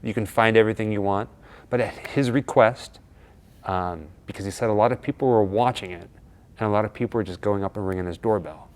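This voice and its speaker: A man co-hosting a casual chat, telling a story with lively energy and acting out the lines of the people in it. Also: on the low side, brisk. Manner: animated, acts out quoted dialogue. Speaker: co-host of a horror vlog.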